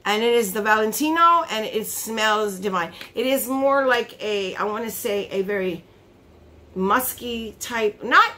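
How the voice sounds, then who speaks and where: Lively, chatty woman unboxing on a phone. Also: on the high side, a little slow. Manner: chatty, easily surprised, laughs often. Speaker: beauty vlogger. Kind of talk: casual unboxing chat.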